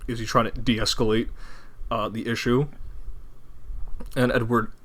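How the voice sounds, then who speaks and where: Halting man running a tabletop game. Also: mid-range voice, level tone, a bit bright. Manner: halting, with many fillers and restarts. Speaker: game master.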